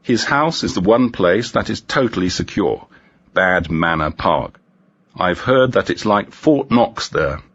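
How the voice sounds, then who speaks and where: A blunt, matter-of-fact male informant, voiced by a man reading a story. He speaks slowly through a husky voice. The recording sounds dull and lo-fi. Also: deep voice, expressive, a bit bright, heavily acted.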